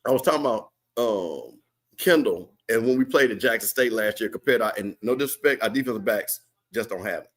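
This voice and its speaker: A man's voice: on the low side, lively intonation, a little fast, a bit bright. Guy hosting a game watch party stream, chatty and slangy, talks to the chat. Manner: chatty, reads viewer comments, loose slangy talk. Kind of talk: live sports commentary chat.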